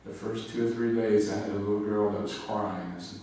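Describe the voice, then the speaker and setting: Male pastor, low voice, chatty anecdotal sermon; distant mic in a very echoey church with faint noise. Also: a little fast, hardly any pauses, mellow. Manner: conversational storytelling with personal anecdotes. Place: church sanctuary.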